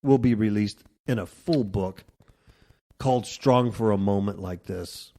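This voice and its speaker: A man's voice: fairly low pitch, unhurried, mellow. Sarcastic male talk radio host. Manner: sarcastic, reads news aloud and riffs on it. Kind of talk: mocking talk radio commentary.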